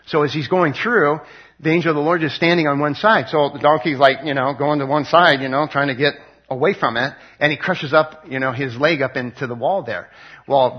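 A man's voice: a little high, breathy edge. A man teaching a Bible passage in a loose, conversational way, reading verses aloud and retelling them with many fillers and restarts. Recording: dull lo-fi recording.

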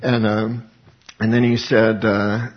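A man preaching a conversational sermon in an earnest, folksy way, rising to emphatic bursts between softer stretches. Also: on the low side, little pitch movement, slow pace. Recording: slightly dull lo-fi recording.

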